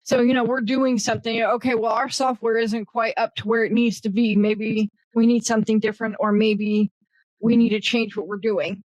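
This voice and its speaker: A woman's voice: a little high, little pitch movement, moderate pace, darkish tone, no echo, highs cut off. A woman guest in an interview, talking bluntly and casually, with lots of restarts and fillers and frequent laughter. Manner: blunt, self-deprecating, laughs often. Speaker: guest, virtual assistant.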